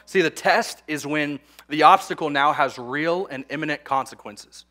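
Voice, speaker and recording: A man's voice: fairly high pitch, normal speed, sharp tone. A young man preaching a sermon to graduating students, conversational, with repeated words and humorous asides.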